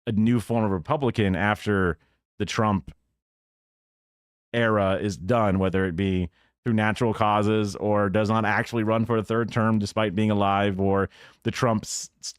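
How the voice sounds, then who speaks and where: A low-voiced man thinks out loud on a live stream, drifting between points and using mocking put-on quotes. The sound is dry and close, with no room echo. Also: clear, resonant tone. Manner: rambling, sarcastic, swears, mocks in put-on quotes. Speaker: streamer reacting to news clips. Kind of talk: casual live-stream commentary.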